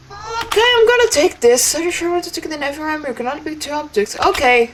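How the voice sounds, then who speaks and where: A woman's voice: high-pitched, big pitch swings, brisk, few pauses, faint music behind. Italian-native woman reading game text. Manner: chatty, playful asides between read lines. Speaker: let's play streamer.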